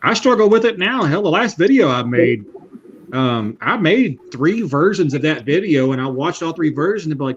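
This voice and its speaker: A somewhat high-voiced man talks shop over a livestream, telling stories in a relaxed, unhurried way. His voice comes through a little muffled, as stream audio often does. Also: slight background noise. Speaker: YouTube mechanic, guest on livestream. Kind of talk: casual livestream chat.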